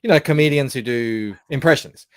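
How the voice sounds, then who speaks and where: A man's voice: medium pitch, fairly quick, no echo, clean studio sound. A man in casual chat, teasing his co-host and telling stories. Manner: teasing, storytelling.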